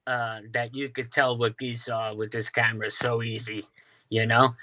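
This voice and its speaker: A man's voice: mid-range voice, level tone, normal speed, bright, forceful tone, slight background noise. A man from Staten Island with a New York accent, telling stories as an interview guest, with plenty of fillers and restarts. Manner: storytelling, many fillers and restarts. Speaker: guest, UFO sky watcher. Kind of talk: casual interview chat.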